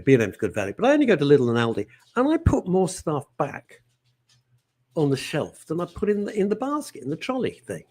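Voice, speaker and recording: Man, host, reading viewer comments, animated rant, lively swinging pitch, slightly high voice. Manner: animated and ranting, jumping between topics.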